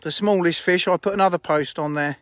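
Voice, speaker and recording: Bloke, fairly high voice, chatty and blunt, dry close phone sound outdoors. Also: male voice, a little fast, a bit bright, no echo. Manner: chatty, blunt, swears casually. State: out of breath. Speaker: fishery owner streaming live. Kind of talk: casual live stream chat. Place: outdoors at a fishing lake.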